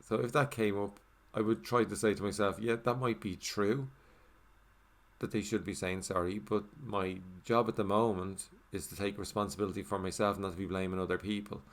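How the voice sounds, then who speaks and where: Male voiceover, very low register, loose conversational delivery with fillers, murmurs the meditation phrases. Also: steady tone, moderate pace. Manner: casual, with many fillers like "you know" and "like"; drops to a soft murmur when repeating the meditation phrases. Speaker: English voiceover for a signed video. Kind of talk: reflective first-person voiceover.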